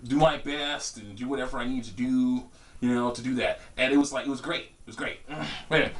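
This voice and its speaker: A young man telling a story in a casual vlog, rambling and laughing often, jumping into high voices for quotes. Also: a little fast. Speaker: vlogger. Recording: distant from the mic.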